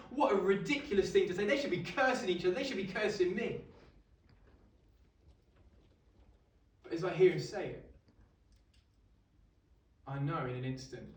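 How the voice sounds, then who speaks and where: Man acting Roman centurion, gruff soldier storyteller, live monologue, echoey hall, distant mic. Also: high voice, close to an everyday voice. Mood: incredulous. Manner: conversational, wry storytelling with asides to listeners. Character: hardened Roman centurion, middle-aged man, gruff but shaken. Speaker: costumed actor at an exhibition. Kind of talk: first-person dramatic monologue to a live audience. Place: indoor exhibition hall.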